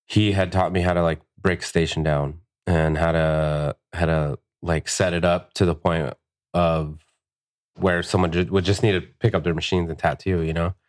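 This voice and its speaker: A man's voice: low-pitched, flat delivery, moderate pace. A man in a casual podcast chat, telling a rowdy, profanity-laced story and acting out the quotes. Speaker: podcast guest, tattoo artist. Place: tattoo shop podcast room.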